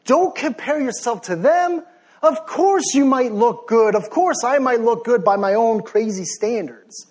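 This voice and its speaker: A young man preaching a sermon with passion, swinging between forceful exhortation and sheepish, joking asides. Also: very high voice, animated, measured pace. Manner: passionate, rising to near-shouting then softening to sheepish asides.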